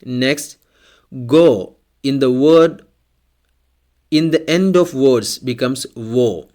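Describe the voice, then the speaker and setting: Slow, deliberate male language teacher. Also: mid-range voice, a little mellow. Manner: slow, deliberate, repeats example words twice. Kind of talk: slow explanatory language lesson.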